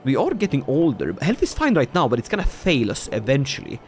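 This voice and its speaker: A Swedish man streams a strategy game live, speaking a little fast in a mid-range voice. He's animated and jokey, laughs often, and chats with his viewers as he plays in casual livestream commentary.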